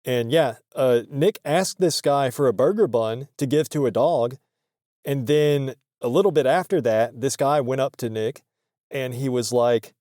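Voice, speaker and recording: A man's voice: mid-range voice, lively intonation, measured pace, mellow, dry recording, studio quality. A man telling a work story in a casual, profane and joking way, laughing between lines.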